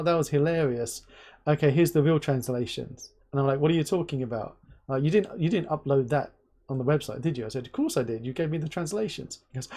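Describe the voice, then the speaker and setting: A man from England hosting a casual live interview, joking and telling stories with lots of laughter. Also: a little high. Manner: joking, animated storyteller, laughs often. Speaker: host.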